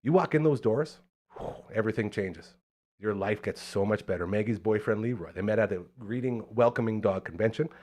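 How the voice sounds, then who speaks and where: A man hosting a live local talk show with energetic, hype delivery, from Canada. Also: lowish voice, fairly quick. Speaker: host.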